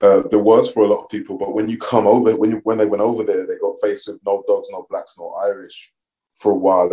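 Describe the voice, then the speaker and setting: A middle-aged man, a guest on a podcast, telling his story in a measured, reflective way with frequent pauses. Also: low-pitched, warm tone, low-quality recording. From London, England. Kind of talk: casual interview conversation.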